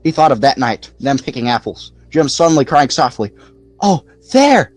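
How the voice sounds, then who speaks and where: A man narrating a novel aloud in an expressive, lively storytelling manner. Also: medium pitch, a little fast, no room sound. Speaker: audiobook narrator. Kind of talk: scripted narration.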